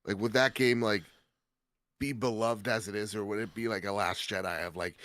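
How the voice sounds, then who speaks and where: A man in casual podcast chat, telling stories in an animated way and jumping into quoted voices. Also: lowish voice, normal speed, no room sound.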